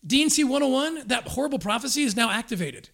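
A man explaining history in a lively conversational way, acting out quotes with frequent restarts. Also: extremely high pitch, quick pace. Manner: energetic storyteller, acts out quotes with restarts. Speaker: guest discussing scripture and history.

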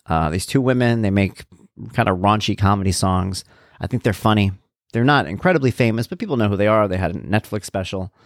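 A man's voice: on the low side, brisk, dry recording. Casual wry male talker, tangent-prone dad, dry close sound. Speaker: vlogger and father. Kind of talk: casual rambling chat.

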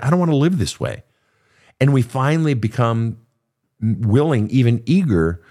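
Older male therapist-host, low voice, very lively pitch, profane and conversational. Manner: animated, profane, storytelling with acted quotes. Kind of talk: casual advice talk.

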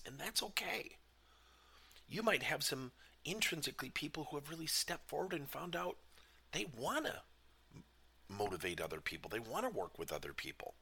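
A man giving a motivational business talk as a leadership coach, emphatic and animated, asking many questions. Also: mid-range voice, moderate pace, vocal fry, slight background noise.

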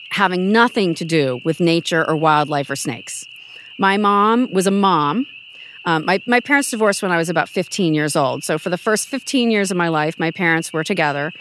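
Low-voiced woman telling family stories. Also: a little hiss or hum, low-quality recording. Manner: emotional, animated, quotes family in raised voice, frequent restarts. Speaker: podcast guest. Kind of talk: casual conversational storytelling.

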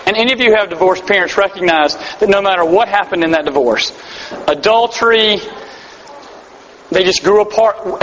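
High-voiced preacher in an echoing hall. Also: male voice, fairly bright tone, slight background noise. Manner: earnest, emphatic, self-deprecating humor. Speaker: pastor. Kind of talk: sermon. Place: large hall before a live audience. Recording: dull hall-echo live recording.

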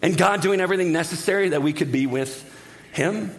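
A man preaching a sermon in an animated, joking way, talking straight to the congregation. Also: fairly high pitch, fairly quick. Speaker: pastor.

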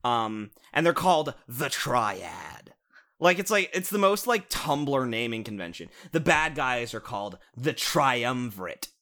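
Bright-voiced man ranting animatedly. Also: mid-range voice, unhurried. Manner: animated, profane, sarcastic ranting with restarts. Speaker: podcast co-host reviewing a show. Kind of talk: casual podcast chat.

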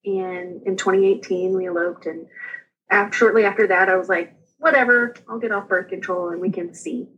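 A young woman, a guest on an interview show, chatting casually and quickly about her own experiences, often laughing as she tells them. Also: medium pitch, fairly even intonation, a bit bright, muffled recording, slight background noise. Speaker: guest sharing her birth story. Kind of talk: casual personal storytelling.

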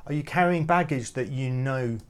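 A man giving an earnest, reflective devotional talk to youth leaders, often halting and repeating words as he goes. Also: medium pitch, smooth. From United Kingdom. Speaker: youth ministry speaker.

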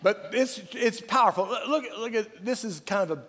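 A man preaching a sermon, passionate and loud, joking at his own expense as he improvises. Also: sits high, normal speed, big-room sound. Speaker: pastor.

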